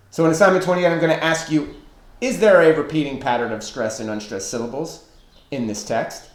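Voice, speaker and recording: A man teaching a recorded online lesson on poetic meter, slow and deliberate as he counts out stresses and feet. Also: a little high. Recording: echoey room.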